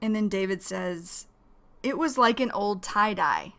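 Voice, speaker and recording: Patient woman English teacher, mid pitch, unhurried, repeats each word as she explains it. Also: a bit bright. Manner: explains words slowly, repeating them. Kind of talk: slow, careful vocabulary lesson.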